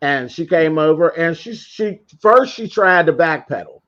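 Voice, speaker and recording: A man's voice: a little high, expressive, measured pace, fairly bright tone. A man telling a profane gossip story in a brash, mocking way on a casual live-stream chat. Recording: dull lo-fi stream audio.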